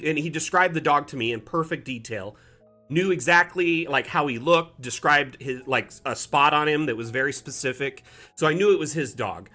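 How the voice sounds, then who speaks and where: A man hosting a live stream, telling a casual story in an animated, rambling way and often correcting himself mid-sentence. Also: fairly high pitch, normal speed, faint music behind. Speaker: community manager streamer. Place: home, Las Vegas.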